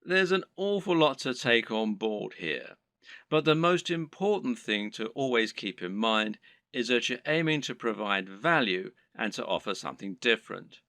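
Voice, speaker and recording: Man narrating an online course, bright and dry. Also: mid-range voice, animated, moderate pace, no room sound. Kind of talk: scripted narration.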